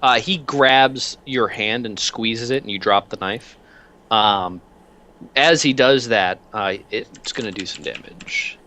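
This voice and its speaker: Bright-voiced man running a tabletop game. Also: lowish voice, takes it slowly, a little hiss or hum. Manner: animated, rambling, many fillers. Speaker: game master.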